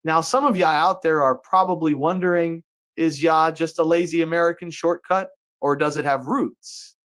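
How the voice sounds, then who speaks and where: A man's voice: on the high side, steady tone, moderate pace, a bit bright. A man hosting a comedic monologue show, joking around and putting on folksy voices. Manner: jokey, playful asides and put-on folksy voices. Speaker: host.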